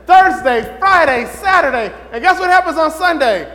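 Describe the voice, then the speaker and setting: A man teaching a Bible lesson in sermon style, questioning the room and building to excited shouts. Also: very high voice, moderate pace, in a large hall, background noise.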